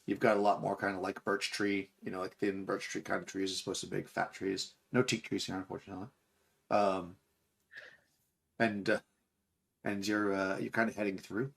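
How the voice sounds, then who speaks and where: A man's voice: sits low, level tone, moderate pace, gravelly, a bit bright. A man narrating as game master for a tabletop game, rambling with fillers and restarts.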